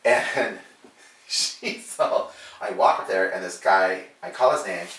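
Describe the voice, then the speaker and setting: Guy hairdresser ranting a story, cussing, bright voice, echoey room, mic kinda far. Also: deep voice, slow. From Alaska. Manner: animated, profane, acts out quotes. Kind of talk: casual storytelling.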